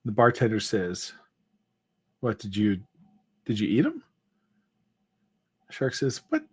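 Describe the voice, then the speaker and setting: A man co-hosting a relaxed late-night live stream, telling a meandering joke at an unhurried pace. He stops and restarts often, with plenty of filler words. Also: on the low side, slightly rough. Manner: rambling, hesitant joke-telling with many fillers. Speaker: co-host. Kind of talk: casual chat.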